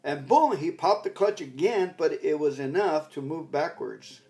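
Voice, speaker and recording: A man's voice: fairly high pitch, unhurried. An older man telling a rambling personal story in a casual, reflective talk. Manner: rambling storyteller, bursts into loud commands when retelling. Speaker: recovery talk speaker.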